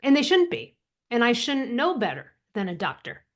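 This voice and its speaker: Woman, podcast guest, animated, emphatic, slightly high pitch. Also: normal speed. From United States. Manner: animated, emphatic, swearing, laughing often. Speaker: author and thyroid coach, guest. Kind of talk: podcast interview.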